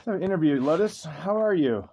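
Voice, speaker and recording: Lively, playful young man. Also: a little high, normal speed. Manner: playful, teasing talk to his dog; loose, profane storytelling with laughs. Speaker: vlogger and musician. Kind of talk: casual chat and storytelling.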